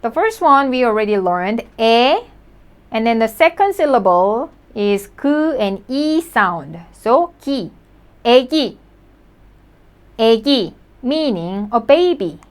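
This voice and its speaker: A woman teaching a language lesson, her voice sitting a little high. She speaks patiently and repeats each word slowly for learners. She keeps a cheerful, encouraging tone. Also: very animated, clear, resonant tone.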